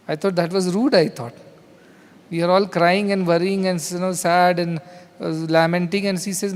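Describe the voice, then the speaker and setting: A man's voice: high voice, fairly even intonation, measured pace, big-room sound. A man with an Indian English accent giving a spiritual discourse, talking conversationally and acting out quoted dialogue in his stories. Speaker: spiritual teacher. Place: large hall.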